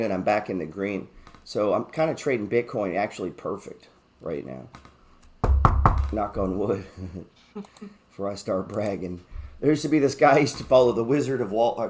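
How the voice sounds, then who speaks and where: A man hosting a live stock market show, chatting casually, joking and swearing freely as he talks through his trades. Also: fairly low pitch. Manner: reads viewer chat aloud.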